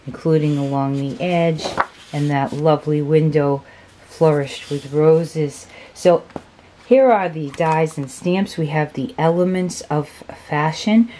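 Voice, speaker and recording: A woman's voice: deep voice, warm tone, a little hiss or hum. A woman hosting a craft channel, showing off supplies in a chatty, gushing, admiring way. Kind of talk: casual show-and-tell of craft supplies.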